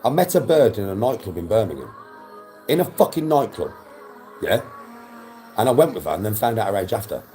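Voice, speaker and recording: A man's voice: fairly low pitch, big pitch swings, fairly quick, pauses often, warm tone, faint music behind. A young man, chatting on a livestream, blunt and defensive, swearing often. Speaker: livestream host. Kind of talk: casual livestream chat.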